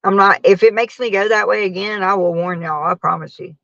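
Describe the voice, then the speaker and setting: A worn-out woman chats loosely with her live-stream viewers, laughing between rambling stories. Her voice has a plain middle pitch, recorded dull and dry through a phone mic. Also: a little fast, vocal fry, pushed and bright, no echo. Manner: rambling, laughing often, talking to her chat. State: tired after a long work shift. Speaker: livestreamer chatting with viewers. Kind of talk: casual live-stream chat.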